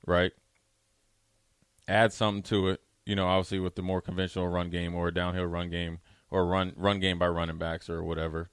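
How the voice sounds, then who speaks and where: A man's voice: low voice, clean tone, no echo, studio quality. A man co-hosting a sports radio show, talking football in a laid-back, earnest, colloquial way. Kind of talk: casual sports talk.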